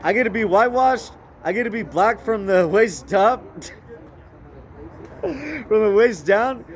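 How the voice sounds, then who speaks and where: A man's voice: high voice, lively intonation, unhurried. A man vlogging in a rambling, casual monologue, tagging his lines with "eh?" and laughing often.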